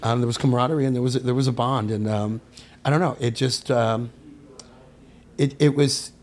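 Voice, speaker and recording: A middle-aged man, a guest on a podcast, telling stories in a casual, animated way, acting out the voices of people he quotes and swearing now and then. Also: medium pitch, normal speed. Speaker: podcast guest, sommelier and winemaker. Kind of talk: casual storytelling interview.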